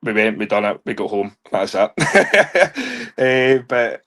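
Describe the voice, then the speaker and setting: A man's voice: medium pitch, big pitch swings, slow pace, a bit bright. A man in his thirties, telling stories in a casual podcast chat, laughing often and tripping over repeated words. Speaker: guest, touring stage show creator.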